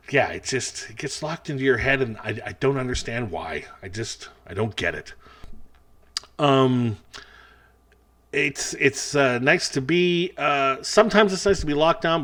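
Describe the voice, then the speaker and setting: A man's voice: medium pitch, fairly bright tone. A man doing a taped stand-up comedy set, talking in a rambling, self-mocking way full of chatty asides. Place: taped show without live audience.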